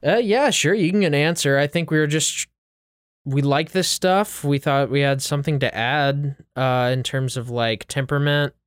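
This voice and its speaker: A man's voice: fairly high pitch, normal speed, clean tone, dry recording, clean studio sound. A man co-hosting a podcast, chatting in an easygoing way with short replies over a call. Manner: brief, easygoing interjections. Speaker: podcast co-host. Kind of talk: casual chat. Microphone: remote call.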